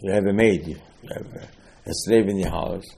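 Male preacher, husky, lively storyteller who shoots up in pitch when worked up. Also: normal speed. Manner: animated storytelling, rising to excited high-pitched outbursts. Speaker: rabbi. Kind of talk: sermon.

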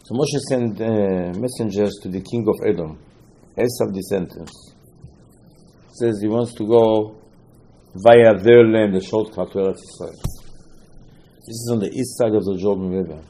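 Animated man teaching a Torah class. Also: fairly low pitch, moderate pace, long pauses, low-quality recording. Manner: animated, acts out quotes, mixes in Hebrew terms; loose non-standard English grammar.

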